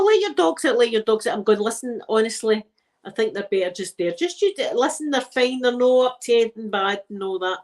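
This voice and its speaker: A woman with a Scottish accent chatting casually with her viewers from her living room, telling stories and laughing often. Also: medium pitch. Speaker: live chat host.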